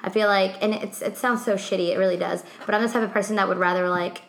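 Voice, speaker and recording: A young woman co-hosting a podcast, telling stories in a chatty, animated way with lots of "like". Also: mid-range voice, fast talker. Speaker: podcast co-host. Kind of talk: casual chat. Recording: echoey room.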